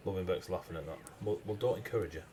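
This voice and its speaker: A man's voice: low-pitched, quick pace, crowd noise. A man with a Northern English accent, chatting loosely on a livestream while he writes game lore, rambling and losing his thread. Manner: rambling, loses his train of thought, self-mocking. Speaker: stream host writing game lore. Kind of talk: casual livestream chat.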